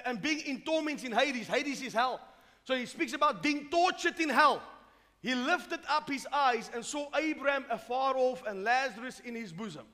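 A man from South Africa preaching a fervent sermon as pastor, rising from calm explanation to shouting. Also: extremely high pitch. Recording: long hall reverb.

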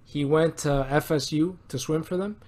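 A man's voice: on the high side, fairly even intonation, normal speed, darkish tone. A man in casual chat telling a story in a slangy, laid-back way.

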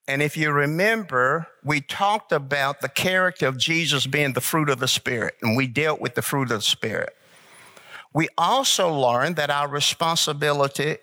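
A male pastor preaches in a slow, deliberate cadence, leaning hard on repeated phrases. His voice sits a little high and sounds bright and forceful. He keeps calling on the congregation to say the words back to him. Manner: call-and-response, urging the congregation to repeat. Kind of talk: sermon.

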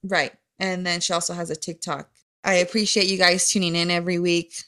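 A woman's voice: fairly low pitch, level tone, fairly quick, bright, forceful tone. A woman with a nasal voice hosting a podcast in casual chat, talking earnestly and encouragingly, with many ums and restarts. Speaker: podcast host.

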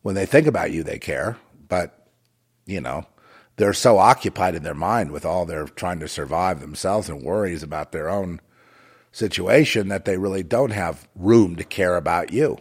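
A man's voice: low voice, moderate pace, breathy edge. A man delivering a rambling, moralizing monologue with a sardonic, digressive way of talking.

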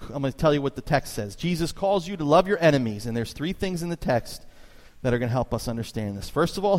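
A man preaching a sermon as pastor, telling stories with lively emphasis and sudden high jumps in his voice. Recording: long reverb of a church hall.

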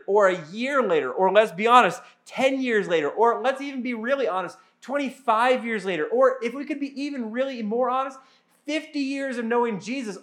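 Young male pastor, high-pitched voice, casual earnest sermon delivery, self-mocking humor.

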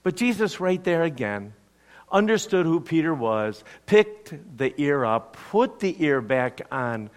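Lively, animated male preacher. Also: on the high side, measured pace. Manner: lively storyteller acting out quotes. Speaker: pastor. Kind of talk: sermon storytelling.

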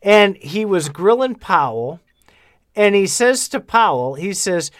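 A man's voice: high-pitched, very animated, measured pace. Blunt ranting man. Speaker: podcast co-host. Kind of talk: casual chat.

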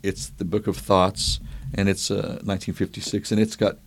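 A man with an Oklahoma accent chatting casually as a radio co-host, musing and unhurried, with many fillers. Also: on the low side, little pitch movement. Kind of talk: casual chat.

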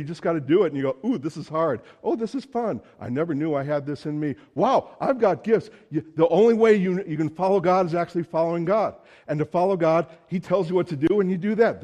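A man preaching a sermon, acting out quoted voices and swinging from loud to hushed delivery. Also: a little high.

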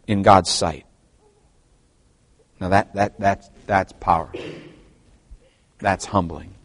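A middle-aged man preaching a sermon to his church, swinging from quiet asides to loud, emphatic passages. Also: low-pitched, fairly even intonation, takes it slowly, long pauses, dry recording. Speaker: pastor.

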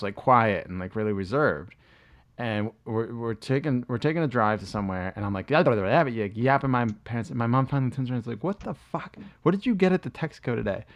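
Mid-man in his forties, lowish voice, loose profane podcast storyteller. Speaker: podcast co-host. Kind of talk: casual chat.

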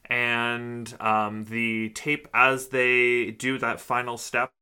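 Bright-voiced man recapping with ums. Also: medium pitch, monotone, extremely slow, clear, resonant tone. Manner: hesitant, many ums and restarts. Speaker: podcast co-host. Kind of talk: casual episode recap chat.

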